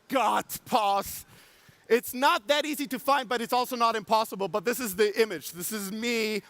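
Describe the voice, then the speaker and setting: A man with a German accent giving an energetic conference talk, acting out quotes and swearing for emphasis. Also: very high voice, dry recording. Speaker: conference speaker. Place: conference stage before an audience.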